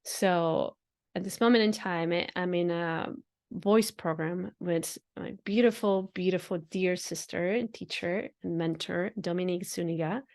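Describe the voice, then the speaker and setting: A woman's voice: lowish voice, a little slow, darkish tone. Earnest woman musing on spirituality. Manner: earnest, repeats phrases, laughs often. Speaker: podcast host. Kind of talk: reflective spiritual monologue.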